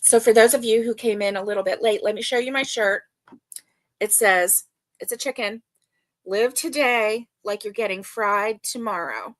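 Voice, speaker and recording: A woman's voice: mid-range voice, normal speed. An older woman hosting a casual livestream chat, reading viewer comments aloud and talking with many fillers. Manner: chatty, warm, with many fillers. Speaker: livestream host.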